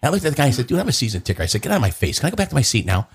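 Racing along in a slightly rough, mid-range voice, a host tells a story during casual chat. He is animated and voices the quoted parts loudly, raising his voice to act them out.

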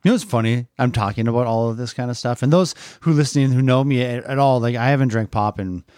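A man's voice: mid-range voice, fast, darkish tone, no room sound, clean studio sound. A middle-aged man and father hosting a casual family podcast, teasing and rambling with restarts into a podcast microphone.

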